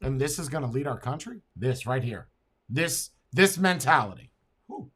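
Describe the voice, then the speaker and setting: An American man streaming, reacting to a clip with profane, mocking rants that flare into shouting. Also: mid-range voice, lively intonation, moderate pace, husky. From United States. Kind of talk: heated reaction commentary.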